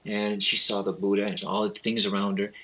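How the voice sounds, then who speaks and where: A man being interviewed as a spiritual teacher. He tells lively anecdotes in a casual way, acts out the people he quotes, and uses loose grammar. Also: on the low side, brisk, low-quality recording.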